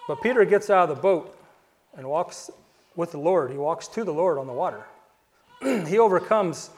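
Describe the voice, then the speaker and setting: A man's voice: sits high, a little mellow. A man preaching a sermon, retelling scripture conversationally, stumbling over repeated words and dropping his voice at dramatic moments.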